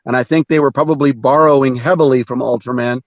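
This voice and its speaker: Halting man on a dull video call. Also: mid-range voice, steady tone, dry recording. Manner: halting, many fillers, chuckles often. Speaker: guest. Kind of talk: casual chat about comics.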